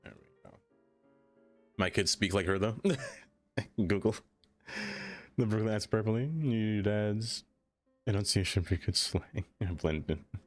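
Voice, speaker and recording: A man's voice: on the low side, slow pace, pauses often, faint music behind. A man streaming a city-building game, chatting loosely and answering his viewers in a rambling, self-deprecating way.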